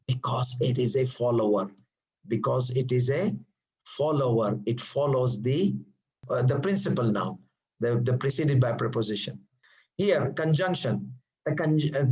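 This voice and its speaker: Guru pria beraksen Asia Selatan, suara agak tinggi. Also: male voice, on the high side, low-quality recording. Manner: drills students with questions and answers himself; repeats terms patiently, many fillers. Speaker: Arabic grammar teacher. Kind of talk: classroom lecture.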